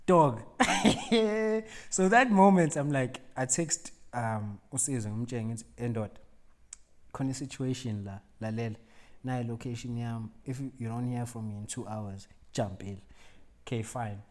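A man's voice: medium pitch, moderate pace. A young man with a South African accent, switching between Zulu and English as he tells a story in casual chat, laughing now and then. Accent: South African, mixing Zulu and English. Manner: animated storyteller, laughs mid-story, drops voice for quoted lines.

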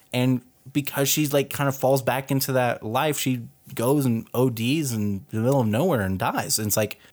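A young man from Texas co-hosting a podcast, chatting casually about a film with many fillers and frequent laughs. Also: lowish voice. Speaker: podcast co-host.

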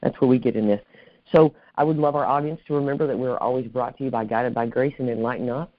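A man's voice: medium pitch, fairly even intonation, quick pace, dry recording, lo-fi sound. A man hosting an interview podcast, speaking effusively and often adding "right?" to his points. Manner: effusive, warm thanks, repeats "right?". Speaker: podcast host. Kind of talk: casual interview chat.

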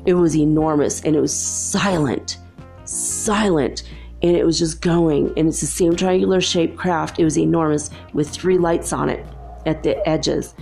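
A woman's voice: deep voice, fairly even intonation, normal speed, vocal fry, warm tone, faint music behind. A woman telling a personal story in a rambling, earnest way, with many asides.

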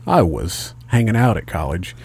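Profane, animated man telling stories. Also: low voice, moderate pace, gravelly, breathy edge, no echo. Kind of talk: casual chat.

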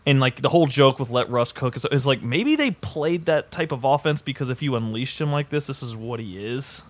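A man's voice: medium pitch, expressive, fairly quick. A young man co-hosting a casual sports podcast, blunt and profane, hedging his opinions. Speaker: podcast co-host.

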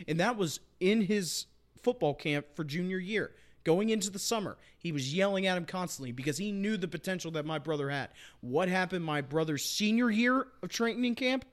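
Casting note: young male sports podcast host, slightly high-pitched, fired-up and emphatic, hammers his points home. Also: expressive, normal speed. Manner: impassioned, emphatic, repeats points. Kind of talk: casual sports chat.

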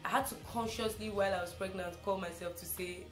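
A woman's voice: mid-range voice, fast, few pauses, soft background music. Chatty young woman host, echoey room. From Africa. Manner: chatty, animated, repeats phrases for emphasis. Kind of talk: casual spoken reflection.

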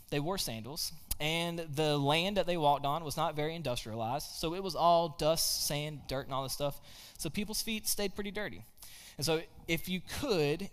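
Conversational man preaching in a hall. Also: fairly bright tone. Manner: conversational storytelling, quotes scripture, drops his voice low. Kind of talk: casual sermon.

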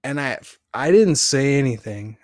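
A man tells a personal story in a casual podcast, rambling and animated, with plenty of fillers. His voice sits at an average pitch. The sound is dry and close on the mic. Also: a little slow, no echo. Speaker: podcast host.

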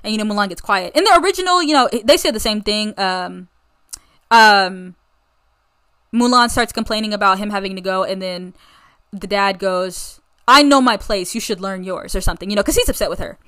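In a clean, somewhat bright medium-pitched voice, a young woman from the United States reviews a film on her podcast. Her brisk solo chat is casual, rambling and full of enthusiasm.

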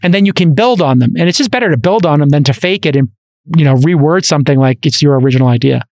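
A man hosts a podcast in loose conversation and tells his stories with energy, full of asides and restarts. His voice sits fairly high for a man. The studio sound is close and dry, with no room around it. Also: no room sound. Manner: animated storyteller, quick asides and restarts. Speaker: podcast host. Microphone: studio microphone.

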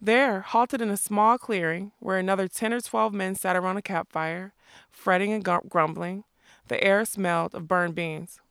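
Woman reading a novel aloud; smooth with some fry, dry close mic. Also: medium pitch, normal speed, dry recording. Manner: informal, relaxed delivery. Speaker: book club reader.

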